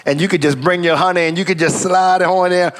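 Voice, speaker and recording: A man, a pastor, telling a personal story in a relaxed sermon, with casual asides and frequent "praise God.". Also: sits high, fairly quick. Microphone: live stream.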